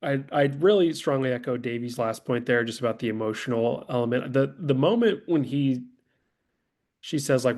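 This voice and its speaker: A man in a casual film podcast chat, animated, acting out movie lines and swearing casually. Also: mid-range voice, a little fast. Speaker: podcast co-host.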